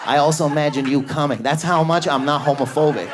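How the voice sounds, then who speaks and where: A man's voice: fairly even intonation, noisy background. A man doing a stand-up comedy set in a club, riffing on an audience member with raging, neurotic energy and lots of swearing, on a stage mic. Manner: high energy, profane, neurotic, rapid riffs. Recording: live club audience laughter.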